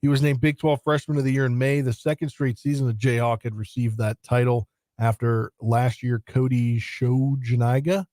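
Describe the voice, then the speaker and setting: A man's voice: medium pitch, level tone, normal speed, few pauses, mellow, no echo, studio quality. Man reading sports headlines on radio. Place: radio studio. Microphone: studio microphone.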